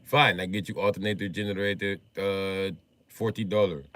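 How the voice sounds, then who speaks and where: A man voicing a brash Russian junkyard worker with a put-on Russian accent, talking gruffly in clipped, broken phrases. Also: low-pitched, flat delivery, moderate pace, a bit bright. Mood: haggling.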